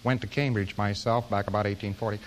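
A man's voice: lowish voice, steady tone, quick pace, a little hiss or hum. An American man giving an informal lecture to an audience, with a wry, joking, rambling delivery.

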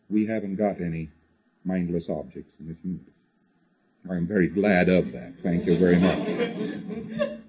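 Husky-voiced man lecturing a class. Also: low-pitched, mellow, lo-fi sound. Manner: conversational, drives points home with repetition and "you see" asides.

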